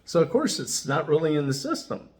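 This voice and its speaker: A man's voice: on the high side, a little fast. A man casually telling a personal story as a customer testimonial, chatty and enthusiastic, with lots of "you know" fillers. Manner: enthusiastic, animated retelling.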